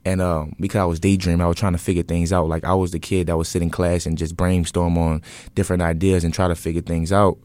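An entrepreneur in his twenties, speaking in a very low, slightly mellow voice with flat delivery, tells his own story to an interviewer. He's casual and earnest, often pausing on fillers and restarting sentences. The recording is dry and close-miked, with no room sound.

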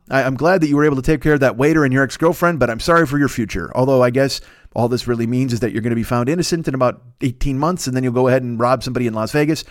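A man in his fifties, a podcast host rambling through a profane, animated casual monologue. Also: medium pitch, racing, dry recording, studio quality. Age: 50s.

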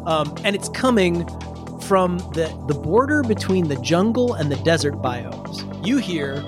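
A man narrating a tabletop role-playing game as game master, in a relaxed, rambling way. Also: sits high, unhurried. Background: background music.

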